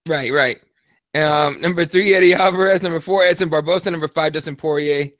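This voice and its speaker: Man, high voice, rapid talk, excitable co-host, dry close sound. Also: no room sound. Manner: excitable, swears freely, laughs often. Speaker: podcast co-host. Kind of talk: casual chat about fighting sports.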